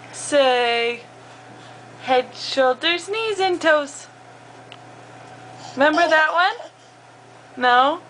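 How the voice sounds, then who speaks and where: High, lively mother coaxing toddlers. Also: very slow, long pauses, slight background noise. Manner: coaxing, sing-song baby talk. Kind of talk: home video chat with toddlers.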